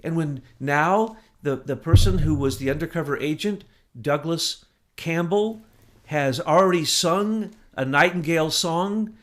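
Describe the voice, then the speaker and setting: A man delivering heated political commentary, his voice sitting a little high for a man. He speaks with impassioned intensity and now and then breaks into loud, emphatic bursts before dropping back down. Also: a little slow. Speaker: co-host.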